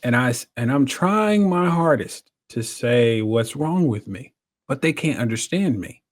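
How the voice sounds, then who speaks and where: A man telling his story in a casual chat, animated and laughing often as he acts out what people said. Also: mid-range voice, unhurried.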